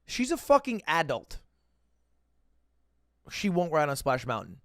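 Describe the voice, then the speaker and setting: A young man chats to his stream audience in a loose, animated storytelling voice, slightly high and swinging widely in pitch. The sound is close and dry, as from a desk mic at home. He slips into shrill put-on voices for the people in his story. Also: unhurried, no room sound. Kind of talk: casual storytelling to chat.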